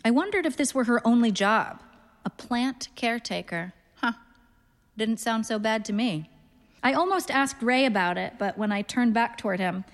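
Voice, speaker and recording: Dry deadpan woman in her 30s reading a story out loud, long hall echo. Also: medium pitch. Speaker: narrator, reader.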